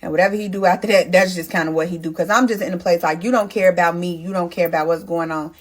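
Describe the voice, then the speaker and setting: Talking fast in a lowish voice, a woman vlogger recounts a personal story to her audience. She's casual, emotional and animated, often turning to speak to viewers directly.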